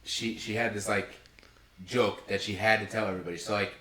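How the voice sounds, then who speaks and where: A young man co-hosting a podcast, telling stories in a quick, animated way. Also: lowish voice, roomy sound. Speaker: podcast co-host. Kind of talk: casual chat.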